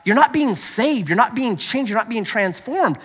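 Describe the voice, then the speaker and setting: A man's voice: very high voice, lively intonation, normal speed, breathy edge. A man preaching a sermon as pastor, telling a family story with acted-out voices and humor. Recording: echoey hall.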